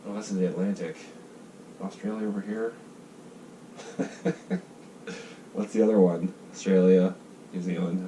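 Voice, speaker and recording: A man from the United States talks in a loose, rambling monologue, swearing freely and slipping into mock voices. His voice sits low and dark. He is picked up from a distance, with faint noise behind. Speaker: vlogger sketching ideas.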